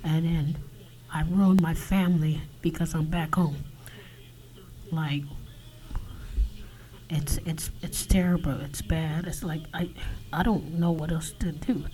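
Slow, whispering man confessing. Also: a little high, fairly even intonation, warm tone, rough recording. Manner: halting, swearing, often whispered. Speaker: podcast host. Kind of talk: confessional monologue.

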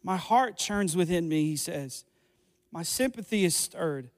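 High-voiced man preaching in an echoey hall. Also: lively intonation, unhurried. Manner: earnest, building to impassioned appeals. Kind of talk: sermon. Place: church hall. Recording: echoey hall with faint music. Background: faint music.

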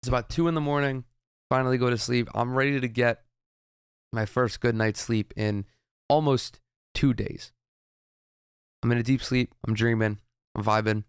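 A man's voice: mid-range voice, steady tone, normal speed, pauses often, clean tone, dry recording, studio quality. A young man hosting a podcast, telling a rambling, profane story in a casual monologue. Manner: rambling, profane, with frequent restarts. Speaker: podcast host.

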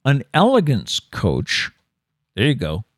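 A man's voice: medium pitch, wildly swooping pitch, takes it slowly, dry recording, studio quality. A male co-host chatting casually and reading an article aloud, with a mock-formal emphasis on the words he reads out. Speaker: co-host of a daily news show.

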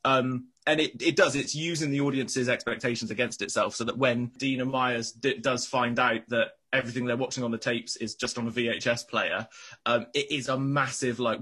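Brief: male podcast co-host, husky and bright, quick with jokes and swearing. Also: medium pitch. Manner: jokey, swears, laughs often. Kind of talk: casual film-review chat.

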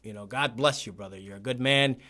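A man hosting a podcast, telling a story in casual chat, animated and laughing often, acting out the voices of people he quotes. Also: mid-range voice, brisk. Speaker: podcast host. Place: podcast studio.

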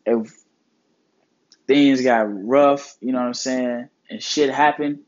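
A podcast host talks about life and mental health in a casual, earnest, motivational way, swearing freely and using lots of slang. His mid-range voice is slow and fairly even, and the audio sounds dull.

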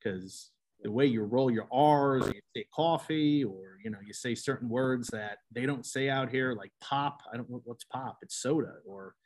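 A middle-aged man with a New Jersey accent, hosting a podcast in casual, animated chat with quick restarts. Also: medium pitch. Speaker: podcast host.

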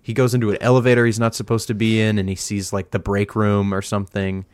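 A man's voice: fairly low pitch, flat delivery, fast, a little mellow, clean tone, dry recording. A young man co-hosting a casual podcast, talking in an enthusiastic, rambling way and laughing often. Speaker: podcast co-host. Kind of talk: casual chat.

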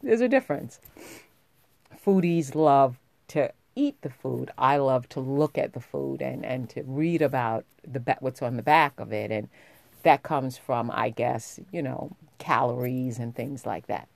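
A woman's voice: a bass voice, unhurried, gravelly, a little mellow, no echo. A woman vlogging, telling a personal story in a heartfelt, rambling way with many restarts, getting emotional as she talks.

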